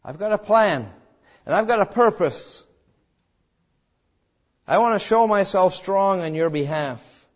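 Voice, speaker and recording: Man, pastor, sermon, dramatic preaching, somewhat high voice, muffled recording. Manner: preaching with dramatic rises, voicing quoted cries and God's words.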